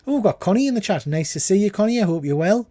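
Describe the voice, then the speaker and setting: A man hosting a casual live charity stream, chatty and enthusiastic, with frequent quiet asides. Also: sits high, animated, rapid-fire. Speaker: livestream host.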